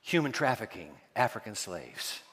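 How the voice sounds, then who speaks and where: A man preaching a sermon as pastor, quizzing his congregation and dropping to hushed asides. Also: on the low side, sing-song, moderate pace, gravelly, long reverb tail.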